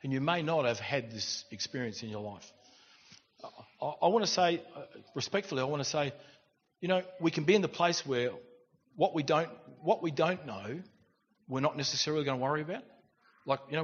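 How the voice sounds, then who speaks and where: A middle-aged man, preaching a sermon and telling stories in an animated way with quiet asides. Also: on the high side, fairly quick, slightly rough. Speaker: pastor. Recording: dull recording in a reverberant church hall.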